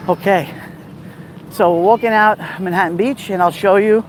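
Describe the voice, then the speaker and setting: A man with a rough voice and a Brooklyn accent, chatting casually on a live stream as he walks outdoors along a beach. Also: high-pitched, steady tone, normal speed, a little hiss or hum. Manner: chatty, gives shout-outs while walking.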